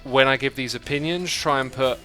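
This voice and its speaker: Quick and sharp-toned, this man's medium-pitched voice comes with soft background music. He's a streamer playing a building game, talking casually, musing aloud as he constructs, and reading chat messages as they arrive.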